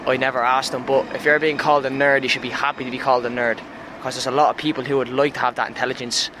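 A man's voice: mid-range voice, level tone, fast talker. A man stopped on the street, giving a blunt, opinionated answer. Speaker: passer-by in a vox pop. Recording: street recording with traffic noise. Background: traffic.

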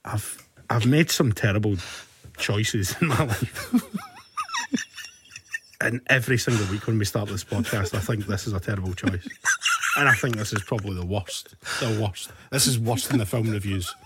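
A man's voice: on the low side, normal speed, long pauses, background noise. A Scottish man hosting a podcast, with a dry, teasing, sarcastic way of talking, recorded indoors in a studio. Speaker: podcast host. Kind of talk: casual podcast chat.

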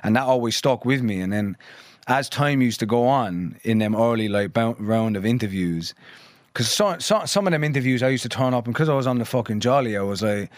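A man's voice: mid-range voice, expressive, fairly quick, dry recording, clean studio sound. A man in his thirties from London and Ireland, a guest musician rambling in casual conversation with lots of fillers and swearing.

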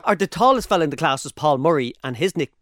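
A man's voice: a little high, animated, fast, background noise. A man, a comedian co-hosting a podcast, telling playful stories in casual chat. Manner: playful, storytelling.

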